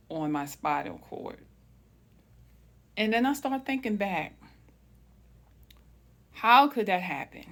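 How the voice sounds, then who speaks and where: A woman hosting a wellness channel, telling a personal story in a slow, reflective way, often calling her viewers family and trailing off into hushed pauses. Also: mid-range voice.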